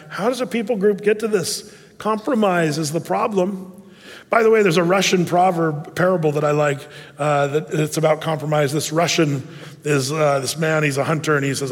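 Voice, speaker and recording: A man preaches a sermon in a fairly high voice, telling his stories with lively energy and frequent restarts. The sound carries a long reverb, as in a large church hall. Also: normal speed. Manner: animated storytelling with many restarts. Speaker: pastor.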